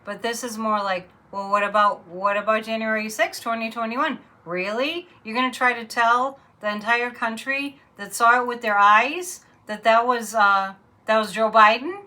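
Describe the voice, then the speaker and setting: A woman's voice: mid-range voice, bright, forceful tone, rough recording. A woman reading tarot cards in a casual, blunt, chatty monologue. Her voice rises sharply when she is incredulous. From Massachusetts. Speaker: psychic reader.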